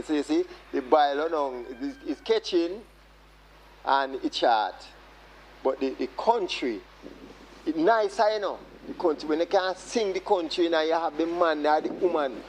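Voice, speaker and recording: A man's voice: on the high side, a little slow, long pauses, a little mellow. A man with a Jamaican accent, a Kumina practitioner, talking about folk songs and breaking into chanted singing. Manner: chanting call-and-response songs. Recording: dull lo-fi audio.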